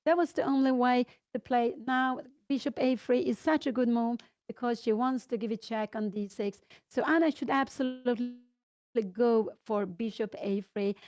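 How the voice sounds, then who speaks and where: Older Swedish-accented woman, chess commentator, excitable, slightly high voice. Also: moderate pace, no echo. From Sweden. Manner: excitable, thinking aloud through move lines.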